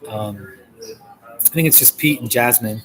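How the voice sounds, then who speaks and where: A man's voice: medium pitch, a little slow, a bit bright, poor audio. A man with a New Jersey accent chatting casually on a live stream, joking and answering viewers. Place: coffee shop.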